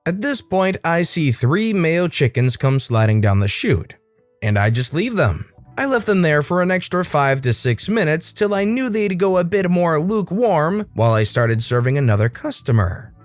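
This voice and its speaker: A man reads out online stories in a scripted narration, his voice fairly high and very animated, rising and falling across each line. Soft music plays faintly behind him. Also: normal speed, no echo. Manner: lively, expressive reading with asides to viewers.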